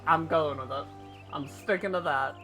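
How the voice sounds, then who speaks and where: A playful woman streamer chats to her viewers in a bright, clear voice while she plays. She swears casually and jokes along, and faint game music sits behind her. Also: sits low, moderate pace. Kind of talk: casual gameplay commentary.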